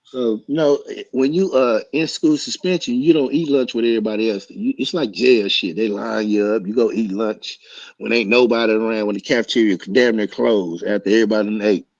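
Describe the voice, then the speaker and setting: A man telling a story loudly and excitably, acting out voices and punches with sound effects. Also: lowish voice, fairly quick, no room sound. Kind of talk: animated storytelling. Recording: dull lo-fi sound.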